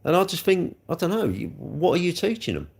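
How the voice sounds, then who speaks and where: On a live stream, a man with a high, slightly mellow, husky voice and vocal fry talks fairly quickly, his pitch swinging widely. He chats loosely through viewer comments and rebukes trolls with rising heat.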